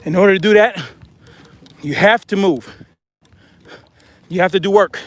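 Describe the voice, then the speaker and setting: Breathless high-voiced man hiking. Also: unhurried, no room sound. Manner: blunt, chatty, addresses viewers as y'all. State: out of breath from hiking uphill with a pack. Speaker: vlogger. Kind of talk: casual monologue while hiking. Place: outdoors on a hiking trail.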